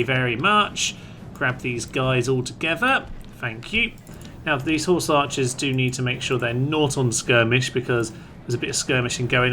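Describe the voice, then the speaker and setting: A man talks through a strategy game in casual let's-play commentary, calling out orders to his units. His voice is bright and forceful at a middling pitch. A faint ambient hum sits under the recording. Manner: chatty, playful, addresses troops aloud. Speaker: gaming commentator.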